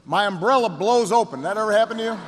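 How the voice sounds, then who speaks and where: Guy giving a campaign speech in a big echoey hall, high voice, storytelling, repeats himself for effect, gets shouty. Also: lively intonation, slight background noise. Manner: storytelling with repeated phrases and pauses; builds to rousing shouts. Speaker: political candidate. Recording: reverberant hall.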